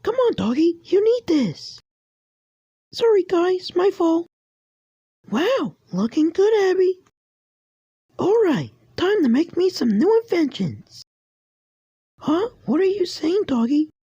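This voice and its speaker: Cartoon cat, male, young, voiced by a woman: very high pitched, slow and mellow, upbeat and encouraging. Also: big pitch swings, no echo, dull audio, exaggerated voice. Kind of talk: fan voice clips of a cartoon character.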